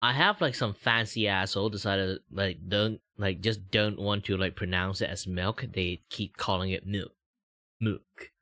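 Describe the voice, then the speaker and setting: A man's voice: low-pitched, normal speed, hardly any pauses, sharp tone, dry recording, studio quality. A young man from Malaysia streaming as a VTuber, chatting casually at a desk mic in a rambling, self-mocking way and chuckling often. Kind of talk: casual livestream chat.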